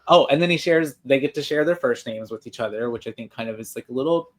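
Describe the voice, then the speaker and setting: Podcast co-host, man, mid-pitched voice, loose rambling recap full of fillers. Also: fast, a loud crowd. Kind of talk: casual chat.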